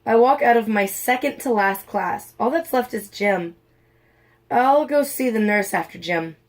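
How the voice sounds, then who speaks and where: A woman's voice: a little high, unhurried. Young woman reading a fan story aloud. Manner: reads all parts, lively quoted voices. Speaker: audiobook reader. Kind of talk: casual fan-fiction reading.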